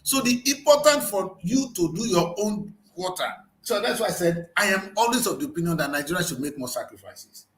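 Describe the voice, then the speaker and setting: An animated man hosts a heated newspaper review, pressing his points with rhetorical questions. His voice sits high for a man. The studio gives it a roomy echo. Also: a little fast, hardly any pauses. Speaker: host of a newspaper review show.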